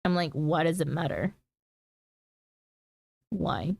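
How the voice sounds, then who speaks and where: Slow-talking woman streamer chatting. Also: deep voice, vocal fry, darkish tone, dry recording. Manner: laughs often, talks with many "like" fillers. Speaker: streamer reading chat. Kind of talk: casual chat.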